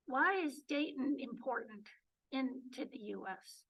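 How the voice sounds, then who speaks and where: A woman from the Detroit area giving a chatty club presentation full of fillers, her voice going hoarse, recorded from a distance in a meeting room. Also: sits high, lively intonation, measured pace, lo-fi sound. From Detroit area, Michigan. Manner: chatty, many fillers and restarts. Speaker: presenter and journey coordinator. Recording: voice picked up from a distance.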